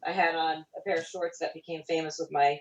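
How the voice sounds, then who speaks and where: Woman, middle-aged, fast-talking, former child actor, distant echoey dull video-call sound. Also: sits low, steady tone. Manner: fast-talking, laughs often. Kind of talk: casual remote interview.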